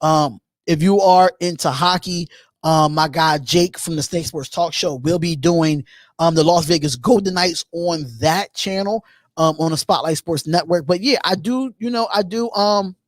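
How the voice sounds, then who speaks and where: A man from Philadelphia with a fairly high voice hosts a live call-in sports show, chatting loosely and animatedly as he reads and answers viewer comments, often repeating himself. He talks at a normal speed in a dry recording, in the manner of a casual live stream.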